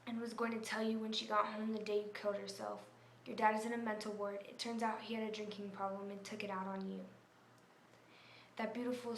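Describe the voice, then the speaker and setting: A woman telling a story in a somber, earnest voice, correcting herself now and then. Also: mid-range voice. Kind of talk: earnest home-video narration. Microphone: camera mic. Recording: echoey room, faint hum.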